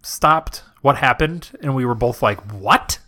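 A man's voice: mid-range voice, unhurried, sharp tone. A man co-hosting a casual comedy podcast, rambling, giggling and playing along with bits. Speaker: podcast co-host.

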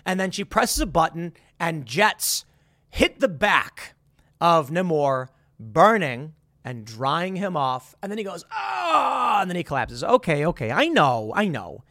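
A man delivers an incredulous, sarcastic movie rant in a high, lively voice that swings up and down. He stumbles and restarts as he goes. The sound is dry and close, with no room around it. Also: measured pace, dry recording. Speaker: commentator. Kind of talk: opinionated movie commentary.

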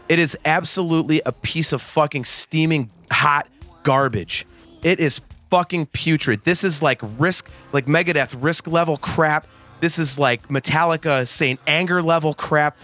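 Man, forties, bright forceful voice, profane, emphatic, casual podcast chat. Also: fairly high pitch. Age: 40s. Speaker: podcast guest.

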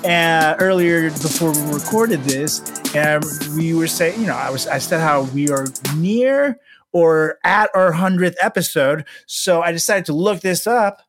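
Man, comedy podcast co-host, casual joking banter, higher voice, music underneath. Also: a little slow. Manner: loud sing-song intro, then loose joking chat.

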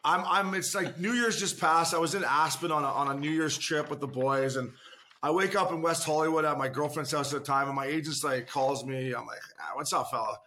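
A man's voice: fairly high pitch, fairly quick, bright, forceful tone, slight background noise. A man, a former pro hockey player, chatting as a podcast guest, with many restarts and loose swearing, calling the hosts boys and fella. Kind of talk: casual podcast chat.

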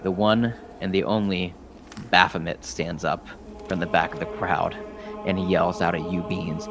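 A man's voice: low-pitched, steady tone, normal speed, soft background music. A man narrating a tabletop game as game master, casual and rambling with lots of fillers and swearing.

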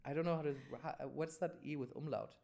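A woman's voice: sits low, fast talker, warm tone. A woman hosting a casual chat, asking questions in a teasing, blunt manner. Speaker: host.

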